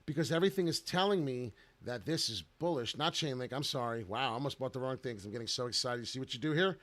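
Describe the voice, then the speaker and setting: A man giving brash, excited live commentary to viewers while trading crypto on charts. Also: mid-range voice, fast, dry recording.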